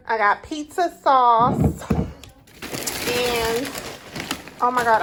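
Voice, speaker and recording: A woman talking casually through a grocery haul at home, chatty, repeating herself and quick to get annoyed. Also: a little high, fairly bright tone, slight background noise. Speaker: vlogger.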